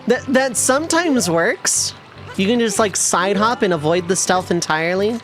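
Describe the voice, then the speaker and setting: A game streamer talks casually with chat while playing, rambling and easily amused. The voice sits at a middle pitch. Faint game music plays underneath. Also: expressive, measured pace, a bit bright. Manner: rambling, self-amused, chats with viewers.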